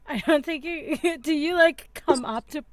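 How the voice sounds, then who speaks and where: A woman's voice: high voice, a little slow. A woman game master narrating a tabletop game, loose and laughing, with many fillers.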